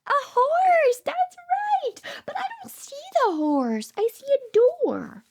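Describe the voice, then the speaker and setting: A woman's voice: very high voice, big pitch swings, slow pace. A woman speech therapist reading a picture book aloud to toddlers, coaxing with questions, gasping with delight and dropping into whispers. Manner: coaxing, asks the child questions.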